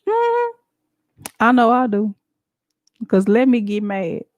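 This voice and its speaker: A woman hosting a show, talking in a casual, animated and emphatic way with frequent laughs. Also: fairly high pitch, slow, no echo. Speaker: show host. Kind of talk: casual talk-show monologue.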